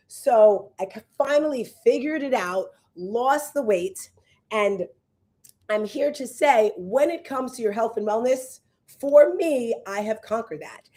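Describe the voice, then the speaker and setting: Lively woman fitness host in her fifties. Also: a little high. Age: 50s. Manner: animated storyteller, acts out voices and exclamations. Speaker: fitness coach and show host. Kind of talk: casual chat to viewers.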